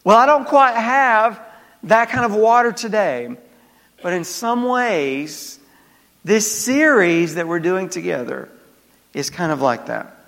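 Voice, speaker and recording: A Southern man preaching to his congregation, pitched high for a man and prodding the room for amens. His voice rings out in a church sanctuary with a long, trailing reverb. He delivers it as an animated sermon in call-and-response. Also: slow, gravelly. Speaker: pastor.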